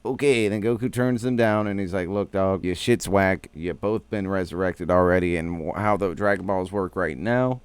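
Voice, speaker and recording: A man's voice: deep voice, no echo. A man recapping an anime episode in a loose, profane, slangy and joking way. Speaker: anime reviewer.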